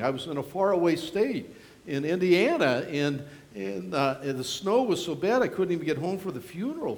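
A pastor from western New York preaching a sermon in a church, acting out prayers and quotes with strong feeling. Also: male voice, high voice. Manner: emotive, acts out prayers and quotes in varied voices. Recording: long hall reverb.

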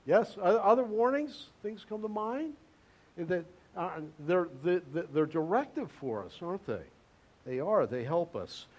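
Male pastor with a high voice, conversational sermon delivery that repeats key words for emphasis. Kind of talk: interactive sermon with congregation.

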